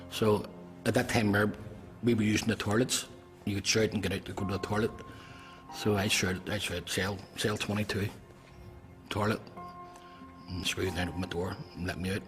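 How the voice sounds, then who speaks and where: A man recalling a farewell in a documentary interview, speaking haltingly and trailing off into quiet. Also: on the low side, flat delivery. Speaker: former prisoner interviewee. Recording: music bed under the voice.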